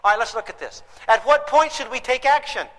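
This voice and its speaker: A man giving a humorous parenting lecture to an audience, animated and comic, acting out scenes with shouts. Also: extremely high pitch, a little fast. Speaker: parenting speaker. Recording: long hall reverb.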